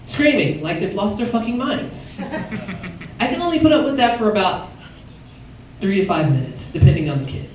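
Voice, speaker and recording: A woman in her fifties from Chicago performs brash stand-up in a comedy club, her darkish voice swinging widely in pitch at a normal speed with long pauses. She acts out voices with big pitch jumps, and the distant, echoey recording with faint noise picks up the crowd laughing.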